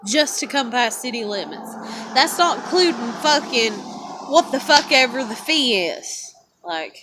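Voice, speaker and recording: A woman's voice: fairly high pitch, expressive, unhurried, pushed and bright. A woman rambling casually as a vlogger, swearing constantly and laughing as she talks. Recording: noisy background.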